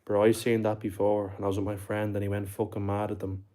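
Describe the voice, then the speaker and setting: Low, mellow-voiced Irish man ranting. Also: monotone, quick pace. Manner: swears constantly, tags lines with bro and like. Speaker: livestreamer. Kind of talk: casual chat with viewers.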